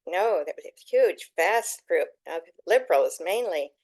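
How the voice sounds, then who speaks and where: A woman author at a meeting, reading aloud from her own book in an earnest, emotional way, with halting restarts. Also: lowish voice, animated, darkish tone, no room sound, rough recording.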